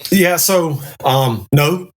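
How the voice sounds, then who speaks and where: A man's voice: on the high side, lively intonation, drawn-out words. A man who is a Navy command master chief, talking candidly and profanely as a podcast guest. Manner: candid, profane, explaining step by step. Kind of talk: casual podcast chat.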